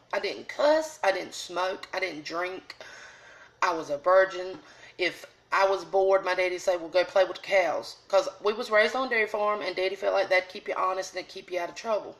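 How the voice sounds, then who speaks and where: A woman's voice: medium pitch, brisk, fairly bright tone. A chatty woman with a drawl, hosting a casual live stream from her salon. She talks in a folksy, down-to-earth way, greeting viewers one by one. She speaks into a phone camera indoors. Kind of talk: casual live video chat.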